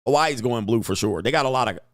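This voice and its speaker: A young man hosts a casual live stream, thinking out loud with a quick, excitable delivery. His voice sits at a middle pitch and sounds dry and close, with little room sound around it. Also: no echo. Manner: thinks aloud, excitable, laughs often. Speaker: livestream host.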